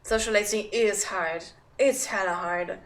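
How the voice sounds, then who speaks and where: A woman's voice: medium pitch, unhurried. A woman in her thirties chatting casually on a game livestream, rambling and self-deprecating. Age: 30s. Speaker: game streamer.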